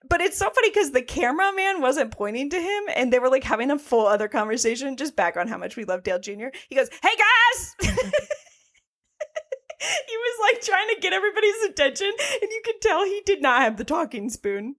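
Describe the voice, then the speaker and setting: A woman co-hosting a racing podcast, chatting casually with a fairly high voice. She is animated, laughs often and swears freely as she recounts the race. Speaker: podcast co-host. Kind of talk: casual chat.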